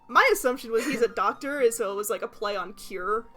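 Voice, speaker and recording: A woman's voice: on the high side, fairly quick, pushed and bright, faint music behind. A young woman streaming a game, reading its text aloud and bantering in a giggly, teasing way.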